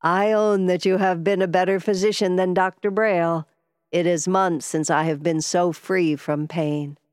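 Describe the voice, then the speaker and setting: Woman reading an ailing older gentleman, courteous. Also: on the low side, fairly even intonation, normal speed, no echo, studio quality, lightly acted. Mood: earnest. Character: ailing older male yacht owner, polite.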